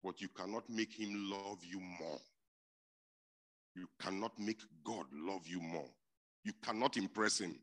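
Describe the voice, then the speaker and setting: A man with a low, deep voice preaching a sermon. His tone is bright and forceful. He repeats his key points for emphasis and swings between hushed stretches and loud, driving ones. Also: a little slow.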